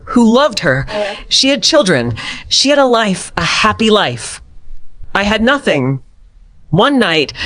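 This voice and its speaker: A woman narrating a scripted first-person drama story in a steady storytelling manner. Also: medium pitch.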